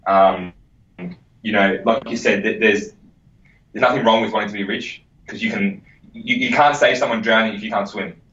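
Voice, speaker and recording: Male guest, low voice, energetic and profane, echoey muffled recording. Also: normal speed. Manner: energetic, swears freely, repeats words. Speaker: podcast guest. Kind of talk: casual interview chat.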